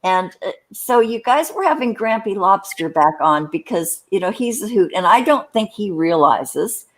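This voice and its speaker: A woman's voice: mid-range voice, animated, moderate pace. A woman co-hosting a live stream, rambling chattily and greeting viewers by name. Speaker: co-host.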